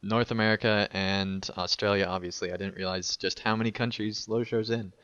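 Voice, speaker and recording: A man's voice: fairly low pitch, steady tone, brisk, fairly bright tone, smooth, no room sound, dull audio. Upbeat laughing man co-hosting a podcast. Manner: upbeat, laughs often, says "awesome" a lot. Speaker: podcast co-host. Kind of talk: casual podcast chat.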